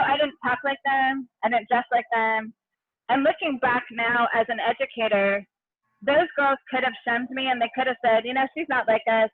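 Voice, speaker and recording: A woman's voice: fairly high pitch, dry recording. An earnest middle-aged woman recounts her own story as a guest on a remote call. She talks vividly and restarts her sentences often. Her voice comes through a thin, phone-like line with no room sound at all. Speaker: interview guest, education consultant. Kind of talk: personal storytelling in a conversation. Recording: tinny phone-like line, dry.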